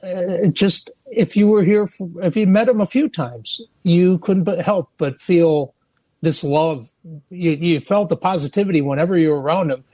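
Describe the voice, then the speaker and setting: A man's voice: sits high, normal speed, dark tone, no echo. A man co-hosting a radio show, trading jokes and remembrances.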